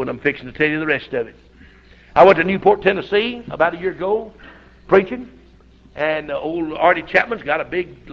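An older man, preaching a folksy, animated storytelling sermon that breaks into shouted outbursts. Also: fairly high pitch, gravelly, dull audio.

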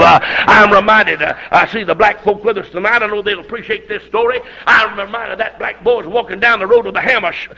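A man preaching a revival sermon, telling Bible stories and breaking into shouted, drawn-out climaxes. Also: sits high, creaky. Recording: dull lo-fi sermon recording.

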